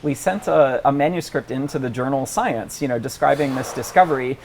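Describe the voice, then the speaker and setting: A man in his forties talks as an interview guest, thoughtful and halting, full of ums and restarts. His voice sits at an ordinary middle pitch. Faint noise hums behind him in a restaurant. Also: gravelly, darkish tone. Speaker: paleontologist guest. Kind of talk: casual interview chat.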